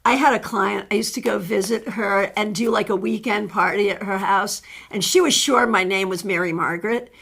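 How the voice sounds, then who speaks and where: A middle-aged woman hosting a live tarot stream, chatting warmly as she greets viewers by name and reads their cards. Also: mid-range voice, normal speed, gravelly, few pauses, slightly rough.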